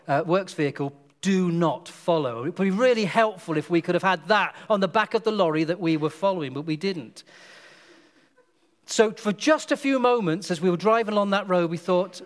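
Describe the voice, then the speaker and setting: A man preaching a sermon, telling stories and acting out the quotes with lively energy. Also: high-pitched, big-room sound. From Britain. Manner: animated storytelling, acts out quotes.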